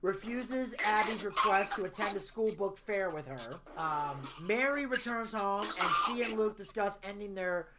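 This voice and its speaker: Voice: medium pitch, moderate pace, few pauses, very noisy. A podcast host giving a casual, rambling plot recap of a TV show, with personal asides.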